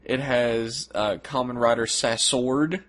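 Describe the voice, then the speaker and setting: A young man co-hosts a casual podcast, voicing firm opinions with easy laughter. His voice sits at a plain middle pitch. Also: fairly even intonation, slow, a bit bright. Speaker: podcast co-host. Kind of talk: casual chat.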